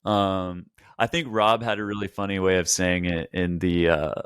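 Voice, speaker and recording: Man, very deep voice, smooth and clear, dry close sound, casual musing guest. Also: flat delivery, normal speed, a bit bright, dry recording. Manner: thoughtful, rambling, filler-heavy. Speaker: podcast guest. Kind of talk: casual podcast conversation.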